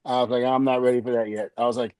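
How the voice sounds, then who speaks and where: A man's voice: mid-range voice, rapid-fire, clean tone, dry recording. A middle-aged man, a podcast guest, telling a story in casual chat and acting out each quoted line with laughter. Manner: animated, acts out quoted dialogue with laughs.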